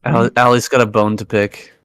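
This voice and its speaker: A man's voice: mid-range voice, little pitch movement, fairly quick, a bit bright, clear, resonant tone, rough recording. A man who casts games, chatting casually in a laid-back, hesitant way. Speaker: game caster. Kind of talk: casual chat.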